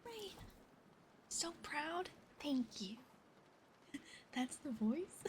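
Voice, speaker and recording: A woman's voice: sits high, very animated, slow pace, pauses often, slight background noise. A woman ASMR streamer chatting playfully with her viewers, often whispering, giggling and swearing casually. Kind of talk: soft-spoken ASMR livestream chat. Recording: rain ambience behind voice.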